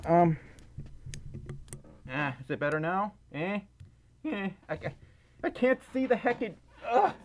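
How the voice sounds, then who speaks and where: A man hosting a casual livestream, rambling and self-deprecating while fiddling with his audio. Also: on the high side. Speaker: livestream host.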